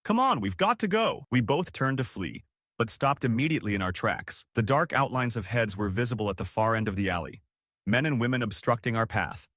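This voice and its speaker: A young man narrating a horror story in a dramatic, expressive way. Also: fairly low pitch, a little fast, no echo, clean studio sound. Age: young adult.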